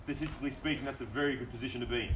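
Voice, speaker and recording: An Australian man working as an auctioneer, calling bids in a quick, persuasive patter at an outdoor property auction. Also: medium pitch, steady tone. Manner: fast, persuasive auction patter with repeated bid calls. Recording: distant outdoor mic with background noise.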